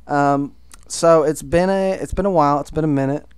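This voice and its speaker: A man's voice: on the high side, moderate pace, smooth. A man co-hosting a movie podcast, rambling and hesitant in casual chat. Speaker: podcast co-host.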